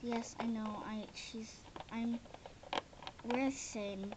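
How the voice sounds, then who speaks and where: A woman's voice: a little high, flat delivery, takes it slowly, background noise. A girl voicing toy pet characters in a homemade skit, chatty and offhand. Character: toy pets in a homemade show.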